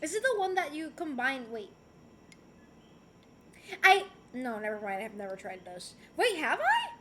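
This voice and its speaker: Bright high-voiced woman streamer. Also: huge pitch swings, moderate pace, a little hiss or hum. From Puerto Rico. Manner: chatty, giggly, playful, answers chat messages. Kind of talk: casual livestream chat, reading chat aloud.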